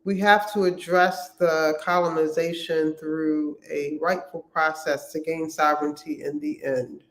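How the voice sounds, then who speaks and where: A moderator reading audience questions aloud in a brisk, matter-of-fact way. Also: medium pitch, level tone, fairly bright tone.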